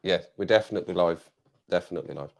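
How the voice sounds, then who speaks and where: A man's voice: deep voice, fast, creaky. An English man hosting a casual live stream, chatting to viewers in a rambling way, repeating phrases and laughing often.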